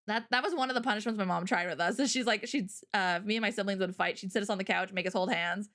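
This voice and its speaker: A woman's voice: mid-range voice, quick pace, hardly any pauses, a bit bright. A woman hosting a livestream, chatting casually and rambling through stories and viewer comments, often breaking into laughter. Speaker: livestream host.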